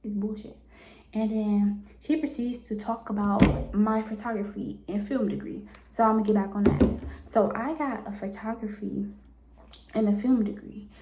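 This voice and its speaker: A woman in her twenties from Cleveland, Ohio, telling a personal story to her channel in a blunt, animated way. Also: medium pitch, normal speed, very noisy. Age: 20s. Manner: blunt, animated retelling with frank language. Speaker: vlogger. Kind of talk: casual storytime. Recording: echoey room.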